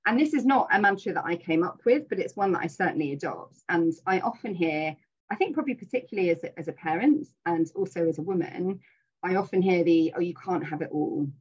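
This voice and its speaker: A woman's voice: on the low side, lively intonation, fast talker, husky, dull audio. A middle-aged woman giving an earnest, reflective webinar talk with frequent fillers, heard over a video call. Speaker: webinar speaker.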